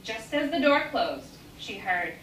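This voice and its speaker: A woman storyteller with a high voice tells tales in a lively, animated way at a festival. The sound echoes around a roomy hall, with the mic some way off. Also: measured pace, far from the mic. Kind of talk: live storytelling. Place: festival stage.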